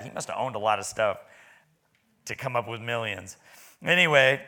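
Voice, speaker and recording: A man's voice: mid-range voice, expressive, a little slow, vocal fry, pauses often, bright, forceful tone. A man preaching a sermon in a church, talking in a folksy, conversational way with stammering restarts.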